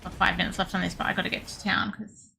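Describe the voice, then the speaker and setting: A young woman with an Australian accent chats away to her stream while she plays, joking at her own expense and laughing easily. Her voice is bright and forward. A faint hum sits behind her. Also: lowish voice, flat delivery, fast talker, vocal fry. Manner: chatty, self-deprecating, laughs often, reads chat aloud. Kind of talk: casual gaming stream chat.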